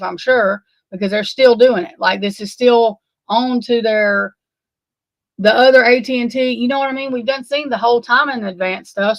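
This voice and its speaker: A woman's voice: on the high side, fairly bright tone, no echo. A woman hosting a casual true crime livestream, sleepy and yawning, rambling and swearing in exasperation as she talks to her chat. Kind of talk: casual live commentary.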